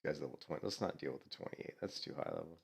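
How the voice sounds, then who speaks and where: A man's voice: extremely low pitch, wildly swooping pitch, very fast, creaky, slightly rough. A man giving casual commentary while playing a game, a bit congested and thinking aloud. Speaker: game streamer.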